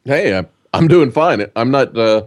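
A man's voice: mid-range voice, lively intonation, measured pace. A man who is a guest debt consultant on a podcast, talking bluntly and swearing casually.

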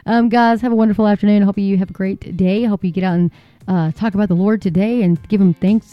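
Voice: medium pitch, fairly even intonation, fast talker, lo-fi sound, faint music behind. A faith vlogger chatting casually to viewers in a rambling, folksy way, with many fillers and preachy turns. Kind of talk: casual chat to camera.

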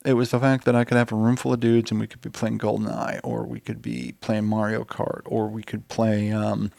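Podcast guy w a gravelly voice, rambly casual chat, dry close sound. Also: on the low side, little pitch movement, fairly quick, darkish tone, dry recording. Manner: rambling, storytelling, swears casually. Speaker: podcast co-host.

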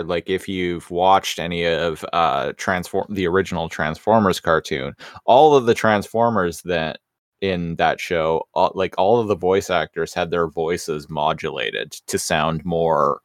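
A man's voice: low voice, dry recording, clean studio sound. A man co-hosting a podcast, talking in casual chat with stammering restarts. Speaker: podcast co-host.

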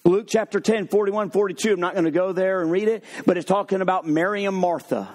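A male preacher whose voice sits a bit high for a man. He jumps from quick, joking stories to slow, heavy points, dropping low for emphasis. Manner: lively, humorous storytelling with sudden drops to slow emphatic points. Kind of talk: sermon.

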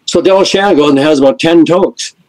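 A man's voice: fairly high pitch, a little fast, low-quality recording. An older man, a musician being interviewed, telling anecdotes and acting out the people in them. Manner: lively storyteller who acts out the people in his stories. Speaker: guest musician, lead singer. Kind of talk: anecdotal storytelling in a podcast interview.

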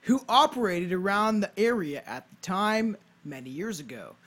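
High-pitched male podcast host, casual, reads notes with swearing asides. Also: expressive, normal speed, a bit bright. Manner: reads facts aloud with offhand swearing asides. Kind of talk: casual chat reading history notes. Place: hot home basement.

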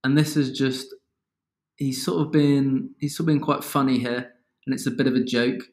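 A man's voice: medium pitch, fairly even intonation, moderate pace, a little mellow. A man, patiently explaining vocabulary to learners as a podcast host, with casual asides. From south of England. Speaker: English teacher and podcast host.

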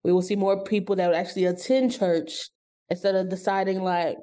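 A woman interviewing a pastor, asking questions in a relaxed, conversational way and affirming his answers. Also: mid-range voice, moderate pace. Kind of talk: casual interview.

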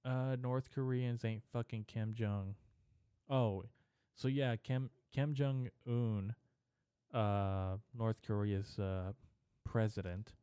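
Brief: young male podcast host, crude rambling comedic monologue, low-pitched and dry close sound. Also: warm tone, clear, resonant tone, dry recording. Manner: profane, rambling, stream-of-consciousness.

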